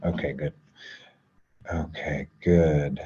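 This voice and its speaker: A man leading an online class through a guided energy exercise, talking slowly and coaxingly with long pauses. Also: very deep voice, fairly even intonation, mellow, breathy edge. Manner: slow, soothing, coaxing delivery with drawn-out pauses. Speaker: class leader. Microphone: video call. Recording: lo-fi video call audio.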